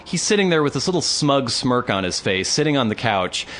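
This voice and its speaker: Male podcast host, lively swearing storyteller with a swinging, animated delivery. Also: mid-range voice, brisk. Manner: animated storytelling, acts out quotes, swears a lot. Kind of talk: casual chat.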